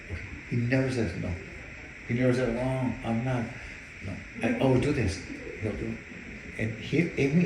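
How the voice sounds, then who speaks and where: A man's voice: mid-range voice, roomy sound, background noise. A man, a boxing trainer, telling stories in a casual interview, cursing freely and repeating words as he goes. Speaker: boxing trainer and cutman, guest.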